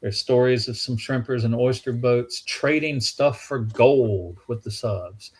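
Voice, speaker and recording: A man's voice: mid-range voice, measured pace, slightly rough. Southern man telling rambling history anecdotes. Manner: rambling anecdotal, with restarts and acted quotes. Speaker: museum staff guest. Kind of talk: casual storytelling chat.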